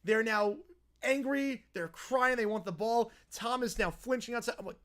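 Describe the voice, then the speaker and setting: A man hosting a live stream, chatting casually and reading out a story. He reacts to it with quick laughs and offhand asides as he goes. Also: extremely high pitch, lively intonation, fairly bright tone. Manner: chatty, laughs at what he reads.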